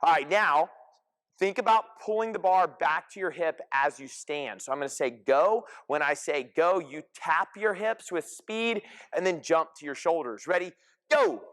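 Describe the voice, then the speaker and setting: High-voiced man coaching a gym class. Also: normal speed. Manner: energetic, gives short commands and counts cues. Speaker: fitness coach.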